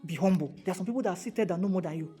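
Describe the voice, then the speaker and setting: A Nigerian man giving a motivational talk to a live audience, animated and fond of repeated rhetorical questions, slipping into pidgin. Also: high-pitched, rapid-fire, faint music behind. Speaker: motivational speaker.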